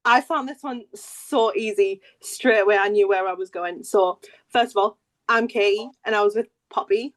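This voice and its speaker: A woman's voice: medium pitch, normal speed. A woman at an online games night confidently explaining which episode her team picked. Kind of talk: casual explanation.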